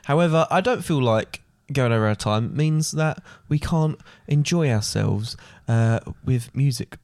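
A young man co-hosting a podcast with his father in casual chat, teasing and halting, with many fillers. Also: mid-range voice, darkish tone, no echo, studio quality. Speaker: podcast co-host, son.

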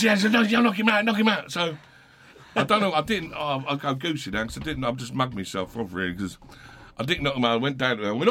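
A man in his fifties with a South London accent, telling rowdy stories with swearing and laughter, loud bursts when he acts out others. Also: medium pitch, lively intonation, a little fast, slight background noise. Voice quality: rough-edged, laughs through his stories. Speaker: guest, former footballer. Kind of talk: casual storytelling with swearing.

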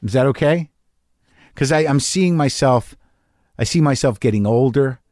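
A man's voice: mid-range voice, moderate pace, a little mellow, no echo, clean studio sound. A man in his fifties hosting a podcast, talking through a candid, rambling, self-deprecating solo monologue with a lot of swearing. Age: 50s. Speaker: podcast host.

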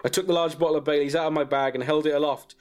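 A man reading a crude comic story about himself in a deadpan way and breaking into laughs. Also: on the high side, rapid-fire.

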